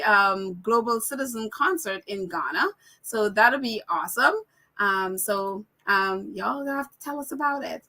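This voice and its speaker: High, bright-voiced woman chatting with viewers. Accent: non-American accent. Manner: chatty, laughs often, apologetic and self-correcting. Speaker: live stream host reading viewer comments. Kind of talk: casual live chat.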